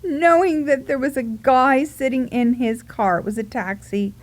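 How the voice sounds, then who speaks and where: A woman vlogger telling a funny personal story in a casual, animated way, giggling and acting out her own reactions. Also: sits high, moderate pace.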